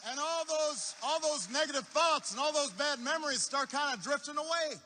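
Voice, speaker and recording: Man, rally speaker, high bright tone, storytelling with deliberate repetition, long arena reverb. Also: a little hiss or hum. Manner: unhurried anecdote with repetition for effect and halting restarts. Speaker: political speaker at a campaign rally. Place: large university arena.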